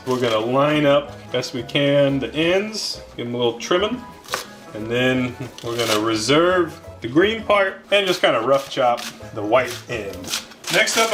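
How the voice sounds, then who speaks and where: A man hosting a casual cooking vlog in his home kitchen, with goofy, deadpan wordplay. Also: fairly high pitch. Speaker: cooking show host. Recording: music playing underneath.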